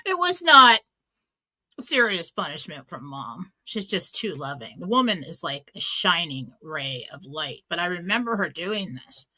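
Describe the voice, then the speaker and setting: A woman's voice: fairly low pitch, very animated, a little slow, pushed and bright. A middle-aged woman hosting a radio talk show, telling stories in a chatty way, full of fillers and restarts. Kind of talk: casual inspirational talk.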